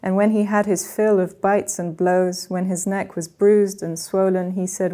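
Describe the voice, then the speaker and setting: Woman doing a literary reading, steady measured voice, pretty monotone. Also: mid-range voice. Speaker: reader of her own translation. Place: university workshop room.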